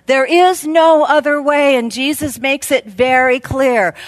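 A middle-aged woman preaching at a women's event, shifting between hushed, slow emphasis and lively, loud storytelling. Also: high-pitched, no room sound. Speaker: speaker at a women's Christmas event. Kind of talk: sermon.

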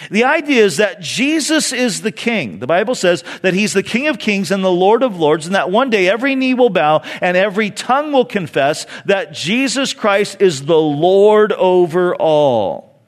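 A man from California preaching a conversational sermon in a church, with dramatic pauses. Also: high-pitched, big pitch swings. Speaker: pastor.

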